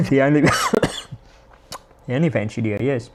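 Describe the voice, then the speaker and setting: A man's voice: medium pitch, animated, slow pace. A middle-aged Australian man with an Australian accent, chatting casually and rambling through anecdotes with frequent restarts. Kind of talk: casual storytelling monologue.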